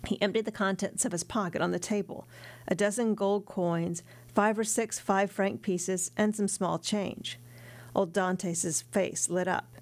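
A woman narrating a classic novel as an audiobook, in measured storytelling. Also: medium pitch, steady tone, a little mellow. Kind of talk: audiobook reading.

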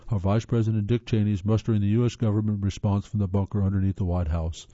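A man from the northern US hosts a reading of articles, his lowish voice warm and the recording dry. He sounds earnest, tossing in spoken asides and stumbling now and then, and the lo-fi audio is slightly dull.

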